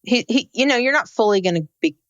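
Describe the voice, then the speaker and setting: A woman co-hosting a podcast, chatting in a relaxed, conversational way. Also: a little high, fast talker, dry recording, lo-fi sound. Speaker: podcast co-host. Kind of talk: casual chat.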